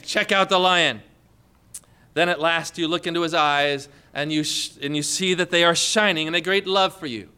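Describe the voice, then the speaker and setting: Bright, earnest male preacher. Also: on the high side, normal speed, smooth. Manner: earnest, expressive, with rhetorical questions. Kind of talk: devotional sermon.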